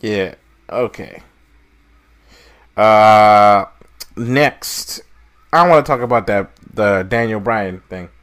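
A man co-hosting a podcast in casual chat, blunt and animated, swearing freely. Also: lowish voice, takes it slowly, long pauses, slight background noise. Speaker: podcast co-host.

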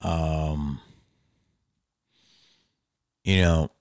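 Low growly guy rambling on his podcast, swears a lot, dead dry sound. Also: fairly even intonation, very slow, no room sound. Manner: rambling, profane, swings between mumbles and loud outbursts. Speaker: podcast host. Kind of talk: casual monologue.

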